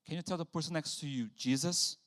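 A man preaching a sermon in a church, animated, acting out quotes with sudden loud bursts. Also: fairly high pitch, rapid-fire. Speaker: pastor.

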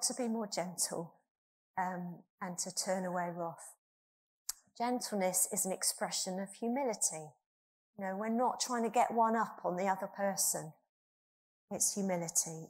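A middle-aged woman delivers a sermon at her church. Her voice sits at an ordinary middle pitch, and she speaks earnestly, often turning to the congregation with questions. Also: a little mellow. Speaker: preacher.

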